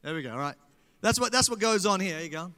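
A man's voice: high-pitched, expressive, fast talker, bright, forceful tone. A man with an Australian accent preaching in a joking way, talking back and forth with the crowd. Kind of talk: sermon. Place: large hall. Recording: live hall with reverb.

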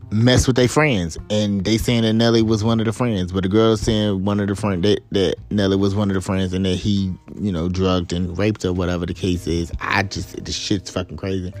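Deep-voiced, rambling, profane man. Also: little pitch movement, moderate pace, darkish tone, soft background music. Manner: rambling, profane, laughs often; stumbles over words. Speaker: podcast host. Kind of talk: casual solo commentary.

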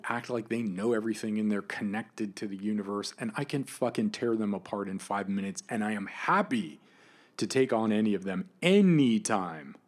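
Angry swearing male podcast host. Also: fairly low pitch. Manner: angry, emphatic, swears often, swings between loud and soft. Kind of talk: impassioned solo podcast rant.

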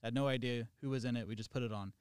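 A man's voice: medium pitch, fairly even intonation, rapid-fire, darkish tone, clear, resonant tone, dry recording, studio quality. A man co-hosting a podcast interview, an easygoing storyteller who chuckles often. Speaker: podcast co-host.

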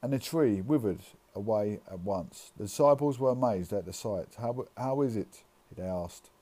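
A man reading scripture aloud, halting, with frequent slips and restarts. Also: on the low side, expressive, dark tone. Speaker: scripture reader.

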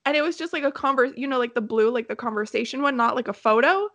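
A woman's voice: high voice, fast talker, fairly bright tone. A young woman co-hosting a podcast, telling stories animatedly, laughing often and swearing. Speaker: podcast co-host. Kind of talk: casual chat.

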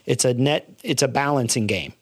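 A man's voice: mid-range voice, normal speed, husky, no echo. Earnest reflective man, dry sound. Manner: earnest, reflective, many restarts. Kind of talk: casual faith-based film discussion.

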